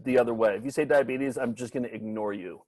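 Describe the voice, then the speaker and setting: A middle-aged man co-hosting a casual comedy show, animated and jokey, tossing out rhetorical questions. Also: lowish voice, fast, dry recording, rough recording. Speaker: co-host.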